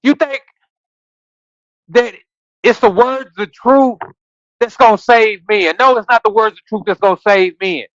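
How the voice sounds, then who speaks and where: A man with a high, slightly bright voice hosts a scripture study stream, unhurried and pausing often. He reads passages, riffs on them in a casual, preachy way with slangy side comments, and quizzes his viewers. His streaming mic gives a dry recording with the highs cut off.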